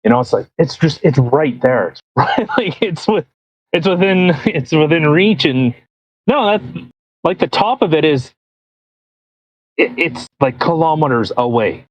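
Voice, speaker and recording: A man's voice: fairly high pitch, animated, measured pace, no echo, rough recording. A man co-hosting a podcast, chatting casually and rambling with lots of restarts. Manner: rambling, restarts with many fillers. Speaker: podcast co-host. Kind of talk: casual chat.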